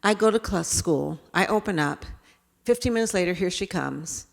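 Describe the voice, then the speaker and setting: A woman speaker telling stories to an audience in an animated way, acting out scenes. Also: lowish voice, moderate pace, gravelly. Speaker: keynote speaker. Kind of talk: storytelling talk to an audience. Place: event hall. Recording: reverberant hall.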